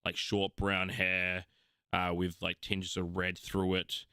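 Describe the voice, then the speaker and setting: A young Australian man narrating as game master, unhurried and full of fillers. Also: sits low, monotone, bright, forceful tone, smooth, no echo, studio quality.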